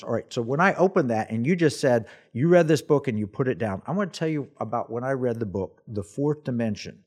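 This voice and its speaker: A man hosting a faith talk show, telling a personal story in an animated way and acting out the people in it. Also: mid-range voice, fairly quick, hardly any pauses. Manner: animated storyteller, acts out quoted voices. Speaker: host. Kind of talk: casual storytelling chat.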